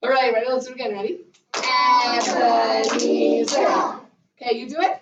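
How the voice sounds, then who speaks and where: A woman teacher leads her young class in call-and-response, stretching out sounds in a higher, sing-song voice. She is picked up from across a bouncy classroom, and the recording is dull and muffled with steady background noise. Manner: sing-song, drawn-out prompting of children. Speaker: kindergarten teacher. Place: school classroom, indoors. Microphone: far camera in the room. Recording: echoey, muffled, noisy room recording from far off.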